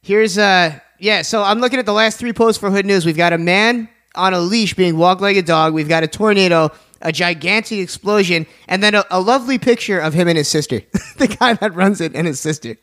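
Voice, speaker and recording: A man's voice: sits high, a bit bright. A man hosting a casual radio talk show, joking around and plugging sponsors. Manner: jokey, plugs sponsors, fast asides.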